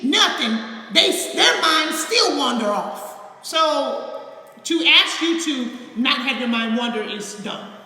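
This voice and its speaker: A woman's voice: mid-range voice, pushed and bright. A woman counselor teaching meditation in a casual live video, talking candidly and bluntly with mild swearing. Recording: echoey room with long reverb and faint music.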